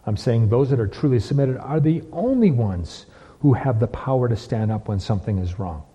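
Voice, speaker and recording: A man's voice: medium pitch, animated, normal speed, dark tone, husky. Preaching man in a reverberant hall. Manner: preaching with heavy repetition and rhetorical questions. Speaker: pastor. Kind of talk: sermon. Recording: dull lo-fi with long hall reverb.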